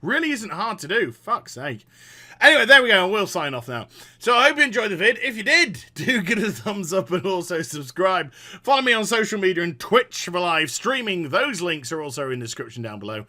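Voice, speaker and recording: A man's voice: high voice, big pitch swings, brisk, bright, forceful tone. A man giving a profane, exasperated reaction commentary as a gaming vlogger, sarcastic and cutting.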